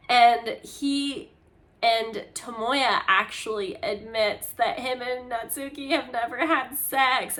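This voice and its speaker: A woman host giving a chatty, casual book recap, full of fillers and animated asides. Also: fairly high pitch.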